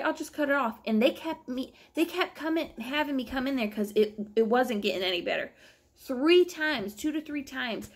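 A young adult woman vlogger at home, telling a long story in an animated, rambling, exasperated way. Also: on the high side, vocal fry. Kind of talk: casual storytelling vlog.

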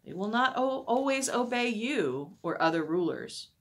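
A calm, gentle man who explains himself with quiet certainty, read aloud by a woman from a children's storybook. The pace is slow and the voice soft and breathy, with a lively rise and fall. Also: a little high, voice pushed up, full character voice. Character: calm, gentle adult male teacher, quietly sure.

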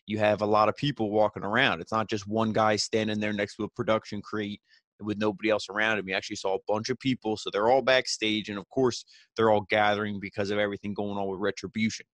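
A young man talks in a low voice, rambling through a recap with lots of fillers and casual swearing. The sound is dry and close, with no room around it. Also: level tone, fast, fairly bright tone, no echo. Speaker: podcast host reviewing wrestling.

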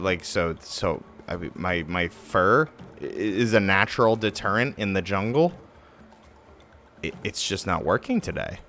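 A male streamer ranting at home over his game, his bright, edgy voice leaping from loud outbursts down to low grumbles. He swears constantly, and faint game music plays behind him. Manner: swearing, swings from shouting to muttering. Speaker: live streamer. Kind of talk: profane rant-style game commentary.

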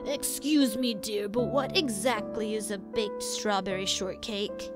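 A woman playing a polite monstrous harpy in a spoken horror story. Her voice is raspy and drawn out, gently courteous. Soft music plays beneath. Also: medium pitch, fairly even intonation, natural voice. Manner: slow, courteous, calls people dear.

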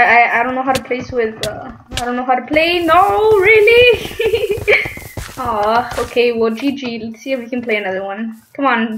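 A young woman chatting casually over her gameplay, giggling and squealing now and then. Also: on the high side. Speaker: gaming channel host. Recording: dull lo-fi mic with faint noise.

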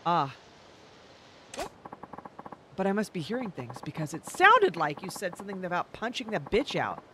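A woman's voice: on the low side, very animated, moderate pace, sharp tone, slight background noise. A woman voicing a tough, brash woman fighter who mocks and bosses people, with game music behind. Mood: taunting. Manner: scornful, swaggering.

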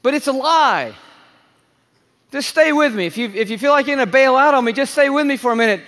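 High-voiced man preaching in a big hall. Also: expressive, sharp tone. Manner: emphatic, drawn-out preaching with playful asides. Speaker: conference speaker. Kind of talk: sermon. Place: large conference hall. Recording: reverberant live hall.

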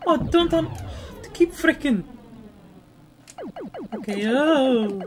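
A woman hosting a retro gaming video, reacting loudly to the game with laughs, gasps and exclamations. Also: sits high, animated, a little slow, long pauses. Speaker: gaming channel host. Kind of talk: excited let's-play commentary. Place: home, playing retro computer game. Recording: game music loud behind.

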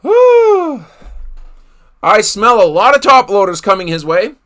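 A man's voice: sits high, animated, brisk, sharp tone. A man hosting a live card break, calling out each player he pulls and exclaiming over the big hits. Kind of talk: live card-opening commentary.

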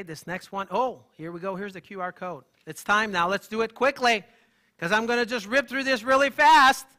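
A holistic health practitioner, a man with a high voice, delivers an animated and emphatic live talk. He trades banter with the audience in the room.

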